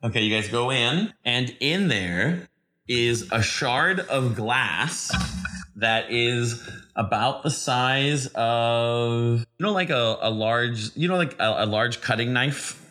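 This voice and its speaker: Bright-voiced rambling male game master. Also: mid-range voice, animated, slow. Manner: rambling, many restarts and fillers. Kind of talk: narrating a tabletop game.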